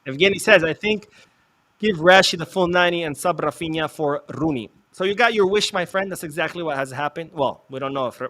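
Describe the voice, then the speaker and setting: A man's voice: mid-range voice, bright, forceful tone, dry recording. A man hosting a live football watch-along, reacting to the match, reading chat messages aloud and swearing when his team misses chances.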